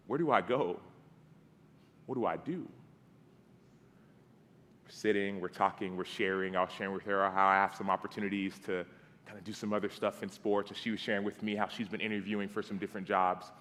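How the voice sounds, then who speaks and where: Man, 30s, preacher. Casual storytelling sermon, slightly low voice, acts out dialogue, often drops to soft tones. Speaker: guest preacher. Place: church sanctuary. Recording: long hall reverb.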